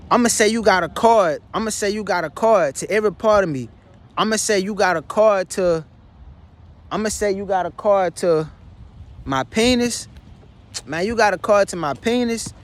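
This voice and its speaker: A man's voice: high-pitched, slight background noise. A man talking straight to the camera in an emotional personal vlog, pleading and repeating himself, blunt and profane. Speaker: vlogger.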